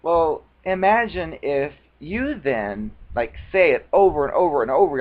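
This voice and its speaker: A man tells a personal story in an animated, casual monologue, his pitch swinging widely as he acts out the voices of others. He sits a bit higher than most men. The recording sounds dull and lo-fi. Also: measured pace. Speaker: video blogger.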